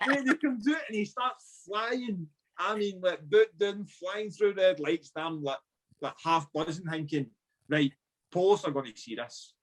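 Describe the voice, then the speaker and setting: A man with a Scottish accent, a podcast guest, telling a sweary anecdote in a lively way and acting out the other people's lines. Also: high-pitched, unhurried, low-quality recording. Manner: animated anecdote-telling, sweary, acts out dialogue. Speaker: podcast guest, former footballer. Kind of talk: casual storytelling chat.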